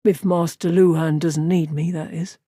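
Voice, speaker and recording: A woman reading a slow, doubtful young man. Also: low-pitched, flat delivery, dark tone, no echo, studio quality. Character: slow, cautious young blacksmith's apprentice.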